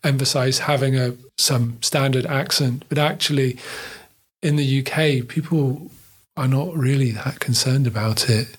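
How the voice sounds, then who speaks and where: Man, from South West England, husky voice, mid pitch, agreeable, casual conversation. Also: measured pace. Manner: agreeable, frequent "yeah" and "absolutely". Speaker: English teacher, former teacher in China.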